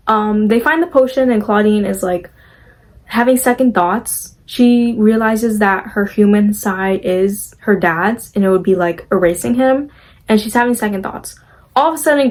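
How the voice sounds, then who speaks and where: A woman's voice: medium pitch, darkish tone. Chatty young woman recapping a movie. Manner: chatty, full of "like" fillers, opinionated; acts out characters' lines with quick voices.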